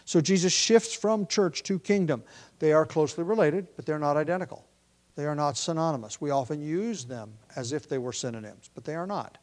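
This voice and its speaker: A pastor with a slightly high voice preaches fairly quickly, thinking aloud with frequent fillers and restarts. When he prays, his voice turns hushed and quieter.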